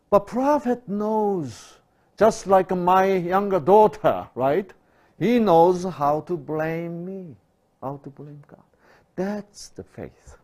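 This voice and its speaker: A middle-aged male pastor with a slightly high voice preaches a sermon, posing rhetorical questions and swinging between loud and hushed delivery.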